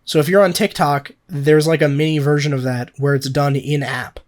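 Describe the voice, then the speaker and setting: Higher-voiced young guy ranting casually. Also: steady tone, moderate pace, a little mellow. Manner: rambling, profane, filler-heavy. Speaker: podcast co-host. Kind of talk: casual chat.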